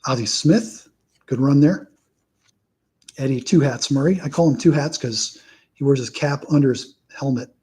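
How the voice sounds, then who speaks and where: A man hosting a casual live stream, reeling off a steady list of names and dropping dry, wry asides along the way. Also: fairly high pitch, husky, rough recording. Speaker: host.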